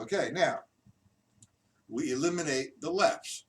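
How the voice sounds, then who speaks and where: A man giving a live-streamed drum lesson, taking his time as he counts beats aloud and walks through each exercise. He sits well back from the mic, and loud noise runs under his voice. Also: medium pitch, expressive, distant mic. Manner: slow, patient counting aloud, demonstrating rhythms. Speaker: drum teacher.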